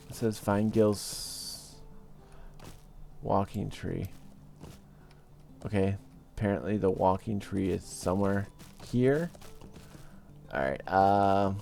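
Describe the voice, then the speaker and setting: A man casually commenting on his own game play as a let's-play host, relaxed and rambling. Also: on the low side, creaky. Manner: relaxed, rambling, with many fillers. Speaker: gaming video host.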